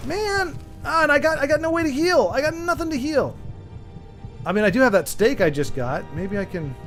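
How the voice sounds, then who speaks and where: Excitable man taunting game enemies. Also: fairly high pitch. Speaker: streamer. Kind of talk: live gameplay commentary.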